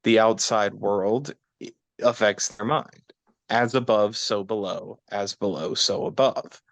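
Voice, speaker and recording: A man co-hosting a casual podcast, explaining occult concepts in a measured, lecturing way. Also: lowish voice, creaky, no echo. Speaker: podcast co-host, chaos magic practitioner.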